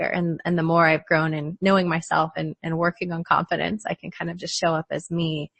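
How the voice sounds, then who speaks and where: A woman's voice: low-pitched, level tone, fairly quick, gravelly, few pauses, a bit bright, no echo. A woman psychologist talking reflectively in a casual podcast conversation, often laughing lightly. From United States.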